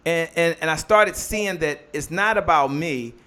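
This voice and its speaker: A man's voice: a little high, measured pace, sharp tone. A man hosting a live motivational business show, preaching in call-and-response and greeting viewers by name. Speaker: host.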